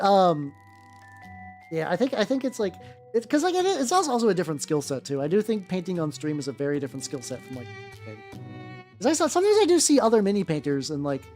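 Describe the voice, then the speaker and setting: A woman's voice: medium pitch, a little mellow. A woman chatting casually on a livestream while she paints miniatures, rambling with lots of restarts and casual swearing. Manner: rambling, with many restarts and stumbles. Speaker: VTuber streamer painting miniatures. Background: faint background music.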